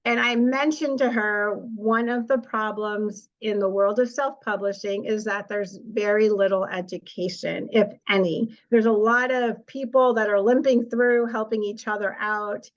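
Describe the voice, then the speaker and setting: A woman's voice: mid-range voice, fairly even intonation, measured pace, few pauses, highs cut off. A middle-aged woman giving a presentation as an author, telling stories in a chatty way and acting out what people said. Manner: chatty storytelling, acts out quoted lines. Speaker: author and speaker. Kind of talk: presentation with slides.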